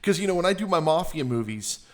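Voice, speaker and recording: A man's voice: a little high, fast talker. A middle-aged man hosting a radio interview, chatting casually and acting out quotes as he tells stories. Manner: animated storyteller, acts out quotes. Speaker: radio show host.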